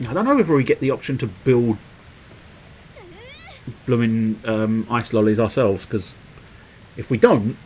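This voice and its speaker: Bloke rambling over a game stream, sweary and self-mocking, lowish voice. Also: male voice, normal speed, slight background noise. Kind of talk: casual gameplay commentary.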